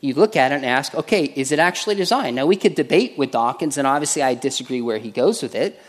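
A man in a stage debate, reasoning in an earnest, measured way. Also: medium pitch, expressive. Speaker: Christian debater.

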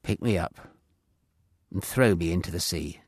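A man's voice: lowish voice, measured pace, creaky, no echo, clean studio sound. A man voicing the prophet Jonah, speaking solemnly and earnestly in prayer.

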